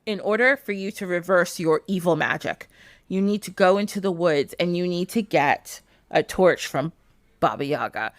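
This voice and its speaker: A woman's voice: on the low side, expressive, moderate pace, no room sound, natural voice. A woman doing a cruel scheming stepmother. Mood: commanding. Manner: accusing, bossy.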